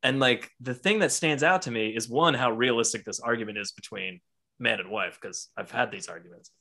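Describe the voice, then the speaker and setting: Excited, bright-voiced man. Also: medium pitch, a little fast, gravelly. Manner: excited, heavy swearing, acts out characters' lines. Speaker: podcast co-host. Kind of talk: casual comic book discussion.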